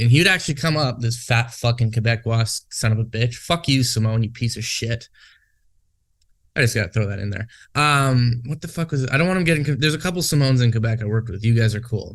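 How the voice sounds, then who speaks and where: A man in a loose, casual podcast conversation, his voice sitting at an ordinary middle pitch. He swears a lot and drifts from one tangent to the next. The delivery is unscripted and talky. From Western Canada. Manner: profane, rambling, goes off on tangents. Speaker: podcast co-host.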